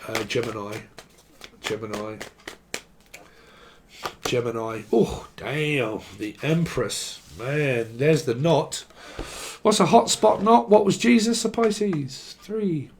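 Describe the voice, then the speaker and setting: A man's voice: medium pitch, expressive, takes it slowly, long pauses, a little hiss or hum. A man giving a casual tarot reading who rambles playfully, acts out quoted voices and swears freely. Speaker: tarot reader.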